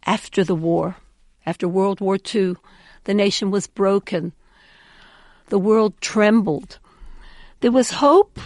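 A woman's voice: mid-range voice, darkish tone, no echo. Earnest woman telling an inspirational story. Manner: earnest, with emphatic repetitions. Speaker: inspirational speaker.

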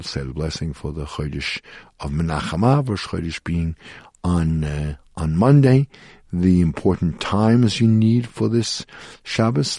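A middle-aged man speaks as a rabbi hosting a Torah talk radio show, telling stories sprinkled with Hebrew and Yiddish terms. His voice is low. The sound is dry and close, with no room around it. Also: vocal fry, mellow, husky, no echo.

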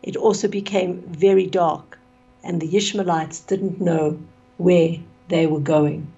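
A woman's voice: fairly low pitch, slow, gravelly, slightly rough, dull audio. Woman telling a story on radio. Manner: expressive retelling with fillers.

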